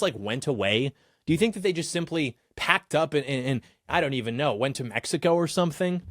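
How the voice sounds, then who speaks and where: A man's voice: a little high, no room sound, clean studio sound. A male host delivering a political commentary monologue in a combative, sarcastic manner.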